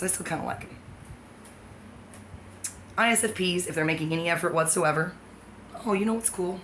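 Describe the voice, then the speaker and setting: A woman's voice: sits low, slight background noise. A woman vlogger talking to camera in a rambling, profane, sardonic monologue.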